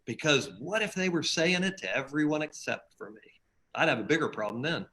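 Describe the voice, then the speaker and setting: Man, podcast guest, casual storytelling, bright tone, slightly high voice. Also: fairly quick. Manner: storytelling, acts out quotes in animated voices. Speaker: podcast guest, team leader. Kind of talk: casual chat.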